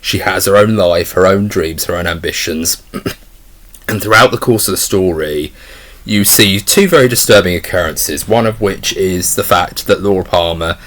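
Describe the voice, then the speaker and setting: A man's voice: sits low, moderate pace, fairly bright tone. A young man giving a casual spoken film review, rambling with many fillers and restarts.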